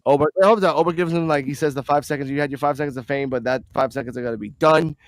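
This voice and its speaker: A man co-hosting a casual wrestling review podcast, talking in an animated, profane and argumentative way. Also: a little high, rapid-fire, no echo. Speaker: podcast co-host.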